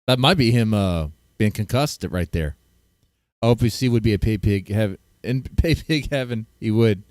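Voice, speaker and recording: A man's voice: lowish voice, expressive, moderate pace, a little mellow, no echo, studio quality. A man streaming and reacting to clips, joking crudely and rambling with restarts. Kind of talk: casual reaction commentary.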